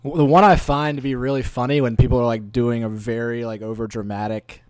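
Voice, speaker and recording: A man's voice: medium pitch, steady tone, fairly quick, a little mellow, clean tone, no echo, clean studio sound. A man chatting as a guest on a casual podcast, easygoing and hesitant, laughing easily. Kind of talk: casual conversational interview.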